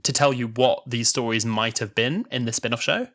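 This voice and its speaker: A man in his twenties co-hosting a casual podcast, animated and chatty, laughing often. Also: mid-range voice, moderate pace. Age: 20s. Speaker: podcast co-host.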